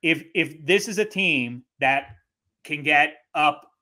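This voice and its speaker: Bright-voiced man, animated football chat. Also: a little high. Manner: animated, quick to put on silly voices and impressions. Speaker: guest analyst. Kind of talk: casual sports chat.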